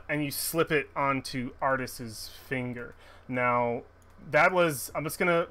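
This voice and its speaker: A man's voice: mid-range voice, pushed and bright. A man narrating a tabletop game as game master, rambling with many restarts. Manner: rambling, full of restarts and fillers.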